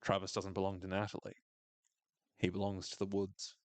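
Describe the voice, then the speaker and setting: A man's voice: low-pitched, completely flat delivery, normal speed, dry recording. A man hosting a podcast, recapping a TV episode in casual chat, swearing freely and acting out characters' lines in funny voices.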